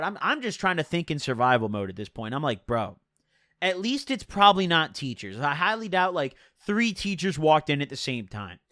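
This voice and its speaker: A man's voice: high-pitched, a bit bright, dry recording, clean studio sound. A young man vlogger telling a personal story in a casual, slangy, profane, chatty way.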